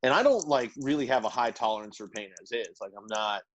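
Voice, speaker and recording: A man's voice: medium pitch, animated, fast, dry recording, muffled recording. A man co-hosting a podcast who tells a rambling, profane story in casual chat, padded with "like" and laughter. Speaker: podcast co-host.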